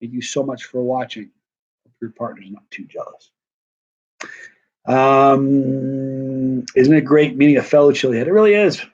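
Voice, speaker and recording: Middle-aged man, tired but wired, rambling chatty live-stream talk, mid-pitched voice, muffled lo-fi audio. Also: measured pace, long pauses, darkish tone. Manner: rambling, chatty, self-deprecating. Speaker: vlogger answering live chat. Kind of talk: casual live-stream chat.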